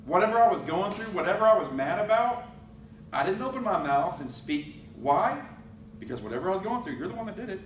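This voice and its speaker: A man with a fairly high voice preaches a conversational sermon. He reads scripture aloud and puts questions to the congregation. He is recorded from a distance in an echoey church, with a faint hiss underneath. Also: big pitch swings, a little fast. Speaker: pastor. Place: church sanctuary.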